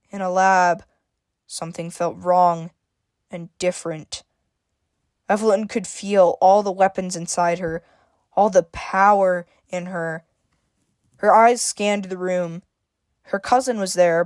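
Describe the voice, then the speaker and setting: A woman's voice: on the low side, steady tone, measured pace, pauses often, a little mellow, no echo, clean studio sound. A woman reading a scripted story aloud as narrator. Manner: reads dialogue with shifting emphasis, stammers for a frightened character.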